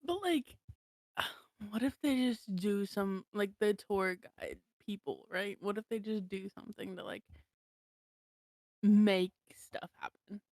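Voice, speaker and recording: Brief: young woman podcast co-host, slow talker, giggly and rambling, dry close sound. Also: mid-range voice, big pitch swings, darkish tone, dry recording. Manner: giggly, rambling, many "like" fillers. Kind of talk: casual chat.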